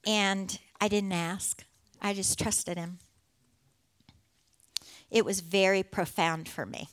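A woman's voice: mid-range voice, steady tone, slow pace. Earnest woman sharing church testimony. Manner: earnest and heartfelt, with soft laughter. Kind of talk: personal testimony to a congregation.

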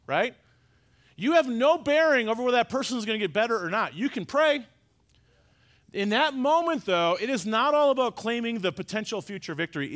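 Middle-aged man, pastor preaching, fairly high voice, urgent peaks and hushed asides. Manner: emphatic, swings between loud urgent stresses and quiet confiding asides. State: choked up. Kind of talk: sermon.

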